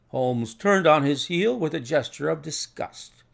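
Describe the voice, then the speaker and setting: A man narrating a classic short story in a measured storytelling manner. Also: on the high side, lively intonation, creaky, a bit bright. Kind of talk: scripted audiobook narration.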